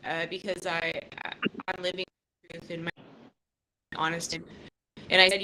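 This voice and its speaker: Bright-voiced woman in her fifties, raw and profane. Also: fairly low pitch, level tone, moderate pace, slight background noise, poor audio. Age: 50s. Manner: raw, emotional and profane, with many restarts. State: close to tears. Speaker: podcast host. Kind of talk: casual live podcast talk.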